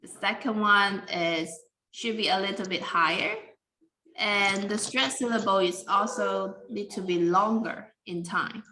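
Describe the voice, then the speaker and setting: A woman teaching English pronunciation in a careful, deliberate way, with simple non-native grammar. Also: medium pitch, sharp tone, echoey room, a little hiss or hum, rough recording. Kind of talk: slow classroom explanation.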